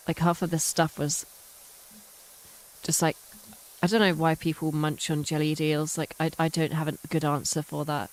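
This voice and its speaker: A woman's voice: sits low, little pitch movement, a little fast. A British woman streaming a game, chatting casually in rambling, self-mocking tangents. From United Kingdom. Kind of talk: casual chat while playing a game.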